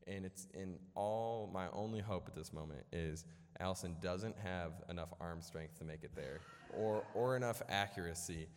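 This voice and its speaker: Low-voiced young man preaching in an echoey hall. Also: normal speed, clear, resonant tone. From Illinois, US. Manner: casual, rambling, many fillers, self-deprecating humor. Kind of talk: storytelling sermon. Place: church hall. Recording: echoey hall with long reverb.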